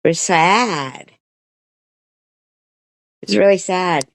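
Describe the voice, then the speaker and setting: A woman's voice: fairly low pitch, extremely slow, gravelly, no echo. A woman streamer giving a rambling, profane commentary rant, with many restarts and quoted voices.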